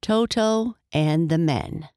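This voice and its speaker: A woman reading a children's story aloud in a slow, measured way. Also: sits low, mellow, faint music behind. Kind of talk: read-aloud storybook narration.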